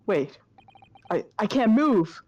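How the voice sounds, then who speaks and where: A woman's voice: medium pitch, very animated, slow pace, a little mellow, highs cut off. A woman voicing a dazed, panicky young man who wakes up handcuffed, reading with bewildered pleading.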